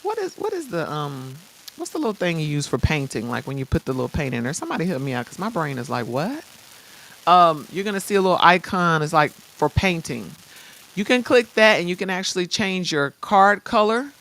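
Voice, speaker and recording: A woman hosting a live-streamed software tutorial. She chats casually in slang and talks straight to her viewers. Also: lowish voice, fairly quick, slight background noise. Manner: lively, chatty, addresses viewers directly. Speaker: host.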